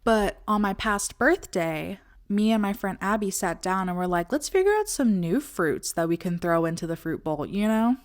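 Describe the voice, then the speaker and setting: A young woman talks casually to her camera at a middle pitch. She is playful and lively, and she slips into her friends' voices now and then. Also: moderate pace, few pauses. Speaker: vlogger.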